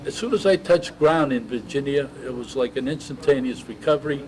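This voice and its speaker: A man in his eighties, a veteran, telling his service story in an oral history interview, halting and reminiscing. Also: medium pitch, a little mellow, slight background noise, rough recording. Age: 80s.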